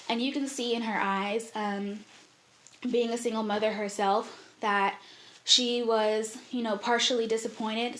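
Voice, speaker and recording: A woman's voice: mid-range voice, slight background noise. A young woman vlogger telling a personal story in a candid, heartfelt way, with many fillers.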